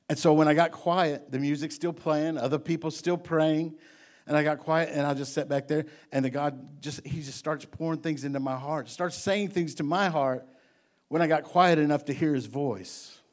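A man's voice: on the high side, fairly even intonation, normal speed. A pastor preaching a midweek sermon in an earnest, repetitive way, often restarting words as he builds each point.

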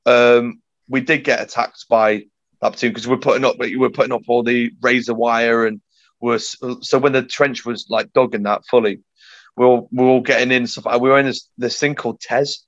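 A young man, a podcast guest, telling army stories in a casual, sweary, animated way. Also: medium pitch, moderate pace, no echo, highs cut off. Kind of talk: casual storytelling chat.

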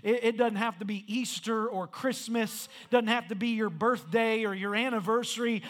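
A male pastor preaching a sermon in rhythmic, repeated phrases that build to shouted peaks. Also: high-pitched, fairly even intonation, normal speed.

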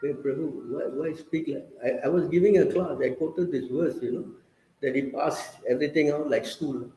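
A man's voice: on the high side, moderate pace, warm tone, reverberant, slight background noise, poor audio. A man giving a scripture class, emphatic and questioning, often checking that listeners understand. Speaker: preacher.

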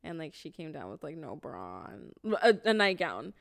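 A young woman in casual chat, relaxed and chatty, sharing her own experiences. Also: low-pitched, normal speed, vocal fry. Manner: relaxed, chatty, reactive listener.

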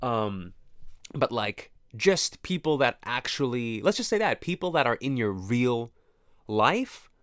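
A man's voice: medium pitch, big pitch swings, takes it slowly, fairly bright tone, dry recording, studio quality. A man talking to camera in a rambling, profane, reflective monologue that keeps interrupting itself. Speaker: vlogger. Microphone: camera mic, close.

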